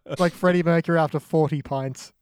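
A man's voice: on the high side, steady tone, fairly quick, darkish tone, clean tone, no room sound, studio quality. A man co-hosting a comedy podcast with offhand, wry quips. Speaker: podcast co-host. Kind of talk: casual comedy podcast chat.

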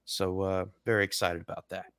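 A man's voice: sits low, flat delivery, a little fast, fairly bright tone, clean tone, dry recording. A man with a New Jersey accent, co-hosting a podcast in casual chat and making dry wisecracks. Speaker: podcast co-host.

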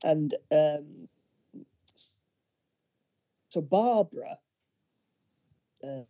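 A man co-hosting a casual chat, recapping a film plot in a halting way with many restarts. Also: on the high side, expressive, dark tone, no echo. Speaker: podcast co-host.

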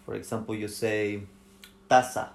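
A man's voice: medium pitch, normal speed. A man whose first language is Spanish, co-hosting a casual podcast and patiently drilling pronunciation by repeating sounds. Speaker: podcast co-host. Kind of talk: casual chat. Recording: echoey room with faint noise.

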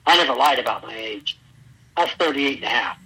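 A middle-aged man with a husky, sharply bright voice recounts his wrestling days to an interviewer. He acts out the people he quotes with loud bursts, and the sound has a thin phone-line quality. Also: mid-range voice, a little fast. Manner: animated storyteller, acts out quotes loudly. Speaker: guest, former pro wrestler. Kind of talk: storytelling interview.

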